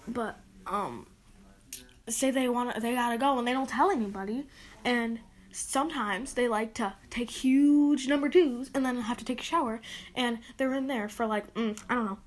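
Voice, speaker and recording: A woman hosting a casual solo podcast, rambling and exasperated as she lists her pet peeves with lots of "like"s. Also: fairly high pitch. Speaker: podcast host.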